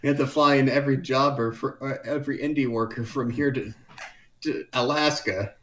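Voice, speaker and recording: A man co-hosting a podcast in casual chat, hesitant and halting as he corrects details. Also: medium pitch, steady tone, fairly bright tone. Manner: hesitant, many fillers and restarts. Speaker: podcast co-host.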